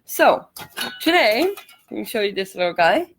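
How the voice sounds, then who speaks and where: A woman's voice: mid-range voice, very animated, normal speed, faint music behind. Middle-aged woman, live craft tutorial host, chatty and apologetic, slightly winded from allergies. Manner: chatty, apologetic, laughs easily. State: coughing, out of breath from allergies. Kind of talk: casual livestream craft tutorial.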